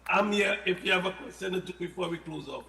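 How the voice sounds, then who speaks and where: A man explaining health products in casual, animated talk, often repeating words and adding playful asides. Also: sits high, fast, vocal fry, slight background noise. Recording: echoey studio with long reverb.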